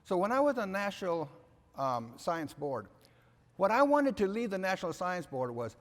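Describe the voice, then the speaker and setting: A man's voice: sits high, very animated, moderate pace. Emphatic older man giving a keynote. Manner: emphatic, repeats "okay?" to the audience. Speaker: keynote speaker. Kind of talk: animated keynote speech. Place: conference hall. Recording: reverberant hall sound.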